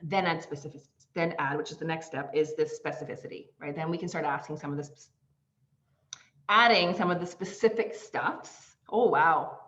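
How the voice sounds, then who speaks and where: A woman coach leads an online masterclass. She speaks in an animated way, acts out the phrases she quotes and laughs often. Her voice sits a little low, and the audio is a bit dull and lo-fi. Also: normal speed.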